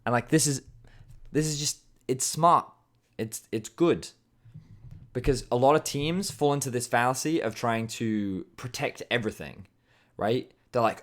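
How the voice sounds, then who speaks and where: A man reviewing a video game match as an esports analyst, explaining plays in a casual way. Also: medium pitch. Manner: explanatory, casual, breaks into quick impressions.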